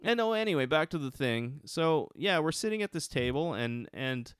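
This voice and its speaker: A man's voice: fairly high pitch, lively intonation, normal speed, fairly bright tone, clean tone, no echo, clean studio sound. A young adult man telling a long personal story in casual chat, rambling and swearing freely. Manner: profane, rambling, lots of restarts and fillers.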